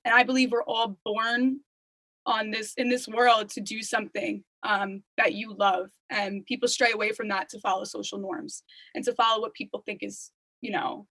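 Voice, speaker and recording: A woman's voice: mid-range voice, little pitch movement, moderate pace, bright, forceful tone, no room sound, low-quality recording. A young woman telling her story as an interview guest, chatty and full of "like" and "you know.". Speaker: interview guest, singer-songwriter. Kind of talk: casual interview chat.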